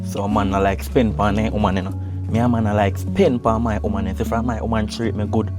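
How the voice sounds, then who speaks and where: A man playing a smooth-talking cheating boyfriend with a Jamaican accent. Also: fairly low pitch, flat delivery, brisk, over loud music, natural voice. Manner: Patois speech, swings from sweet-talk to scolding. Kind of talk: film drama acting.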